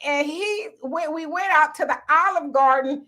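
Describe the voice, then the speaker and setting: A woman co-hosting a casual talk show, telling an animated story. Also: sits high, moderate pace. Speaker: co-host.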